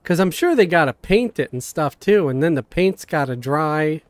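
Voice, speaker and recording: A man chatting casually on a game live stream, halting and full of restarts, coughing now and then. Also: a little high, no echo. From Queens, New York. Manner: halting, many fillers and restarts, animated. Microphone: desk mic, sometimes knocked.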